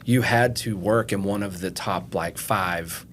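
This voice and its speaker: A middle-aged man from Eastern Kentucky, an FBI agent guesting on a podcast, telling stories in an animated way and acting out what people said. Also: deep voice, measured pace, a little hiss or hum. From Eastern Kentucky, USA. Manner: animated storyteller, acts out quotes. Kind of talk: casual interview storytelling.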